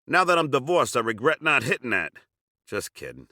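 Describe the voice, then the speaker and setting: A man's voice: medium pitch, sing-song, normal speed, bright, forceful tone, no echo, studio quality. A man reading his own memoir aloud, telling crude and sarcastic stories. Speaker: memoir narrator.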